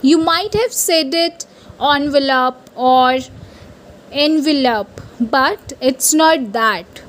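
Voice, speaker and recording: A woman's voice: sits high, animated, a bit bright. A woman teaching English pronunciation to camera, spelling each word out letter by letter and checking in often with "right?". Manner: deliberate, spells words out letter by letter.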